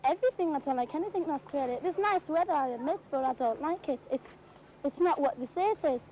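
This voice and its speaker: A woman's voice: high voice, animated, quick pace, warm tone, slight background noise. A woman in an archival interview complaining bluntly, in a dull lo-fi old recording.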